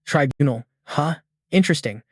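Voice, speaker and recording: A man's voice: fairly high pitch, lively intonation, normal speed, slightly rough, no room sound, studio quality. A man reading as a scornful old clan elder. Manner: scornful, threatening. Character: contemptuous old male dragon clan elder.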